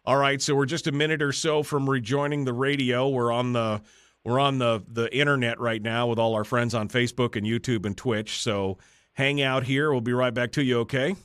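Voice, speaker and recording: A male radio talk show host speaks at normal speed with fairly even intonation, his medium-pitched voice a bit bright, clear, and resonant in clean studio sound with no room noise. Tired and yawning on a break, he holds an off-the-cuff livestream chat with his online audience, rambling and joking at his own expense.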